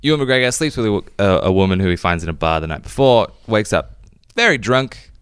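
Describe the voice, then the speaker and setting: A man with a low, smooth voice talks through film scenes on a casual podcast. He is recorded close and dry on a headset setup, relaxed and quick to laugh. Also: no room sound. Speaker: podcast co-host. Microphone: headphones and podcast mic.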